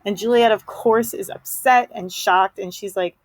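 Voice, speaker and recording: A woman's voice: mid-range voice, moderate pace, few pauses, no room sound, poor audio. A woman teacher giving a casual, chatty lesson summary, full of fillers.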